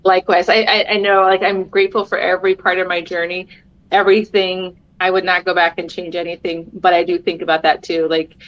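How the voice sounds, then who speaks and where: A woman's voice: on the low side, level tone, a little fast. Earnest middle-aged woman, muffled sound. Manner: earnest, encouraging, laughs often. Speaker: podcast guest. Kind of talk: casual conversation.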